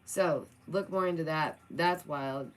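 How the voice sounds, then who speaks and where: Chatty young woman with a low voice. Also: slow, slight background noise, rough recording. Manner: playful, chatty, talks to her cat between reading. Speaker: vlogger. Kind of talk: casual chat reacting to news.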